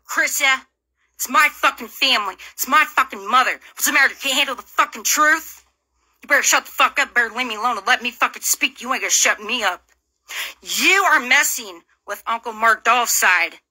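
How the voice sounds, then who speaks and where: A woman from Illinois launches into an angry, profane rant directly to camera, confronting her audience with taunting rhetorical questions. Her voice sits high, bright and forceful.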